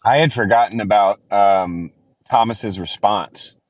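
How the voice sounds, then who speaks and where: Man, deep voice, reflective and dry, close dead sound. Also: a little slow, dry recording, poor audio. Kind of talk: casual discussion.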